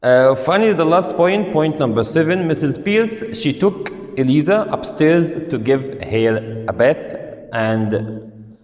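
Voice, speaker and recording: Slow, deliberate male teacher in an echoey room. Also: fairly high pitch, lively intonation, darkish tone. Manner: slow and deliberate, rephrasing points and filling pauses with "uh". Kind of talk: online literature lesson, reading aloud and explaining. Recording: roomy with a long echo.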